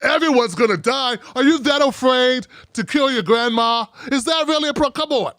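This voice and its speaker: A petulant, grumbling TV viewer, put on by a man who whines in a high, exasperated voice. The sound is dry and close, with sarcasm in every complaint. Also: normal speed, fairly bright tone, no room sound. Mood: whining. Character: whiny petulant bigoted male TV viewer.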